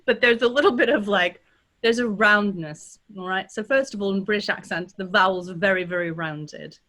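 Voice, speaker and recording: A woman with a Californian accent, teaching as a dialect coach and demonstrating sounds in a lively way, often checking in with "right?". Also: medium pitch, moderate pace. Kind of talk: teaching pronunciation in a workshop.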